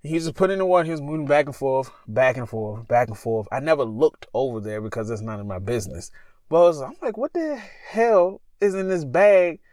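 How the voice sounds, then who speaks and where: A man's voice: mid-range voice, animated, quick pace, darkish tone, dry recording. A young man telling a spooky personal story as a podcast host, talking casually in a parked car. He rambles and stops to correct himself.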